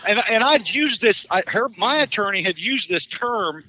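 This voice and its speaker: Fifties male caller, high and bright, profane, animated storyteller with restarts, muffled lo-fi line. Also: normal speed. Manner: profane, animated, stumbling restarts, laughs at his own story. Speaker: caller telling his divorce story. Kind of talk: casual storytelling on a live talk show.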